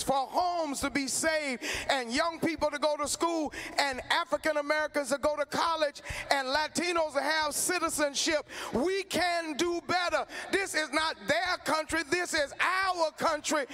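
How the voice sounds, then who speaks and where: A man giving a fiery rally speech, shouting refrains and calling the audience to answer back. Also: extremely high pitch, a little hiss or hum. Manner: shouting call-and-response, repeating refrains. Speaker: rally speaker. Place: forum hall with an audience.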